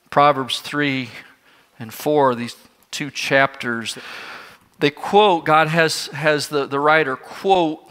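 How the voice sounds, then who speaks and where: A man's voice: mid-range voice, sharp tone. A man preaching a sermon to his congregation, earnest and questioning his listeners. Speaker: pastor. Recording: long hall reverb.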